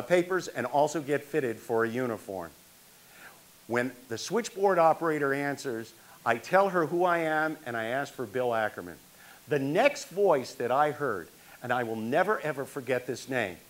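A man's voice: a little high, a bit bright. An older man from New York performing a one-man stage monologue, telling his own story and acting out the people in it.

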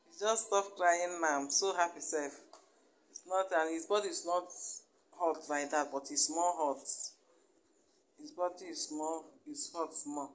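A young Nigerian woman talks casually to her vlog viewers in a somewhat low voice, circling back to the same phrases. Her tone stays chatty and personal. A faint hiss sits under the voice. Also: low-quality recording. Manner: chatty, repeats phrases, warm pleading sign-off. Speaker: family vlogger.

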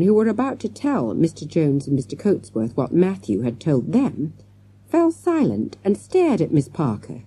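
A woman narrating a children's audiobook with lively storytelling and many character voices. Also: low-pitched, normal speed, breathy edge, no room sound.

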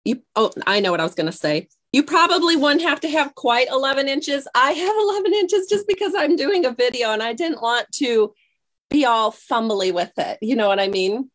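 A woman's voice: high voice, animated, moderate pace, fairly bright tone. A middle-aged woman giving a casual craft tutorial, chatty and a little scattered, losing her train of thought while she works. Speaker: crafting demonstrator.

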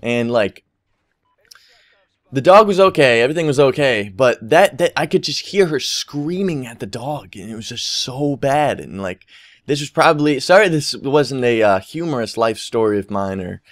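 A man's voice: mid-range voice, lively intonation, normal speed, no echo, studio quality. A young man telling a rambling story over gameplay, swearing freely and acting out what people said. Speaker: gaming commentary YouTuber.

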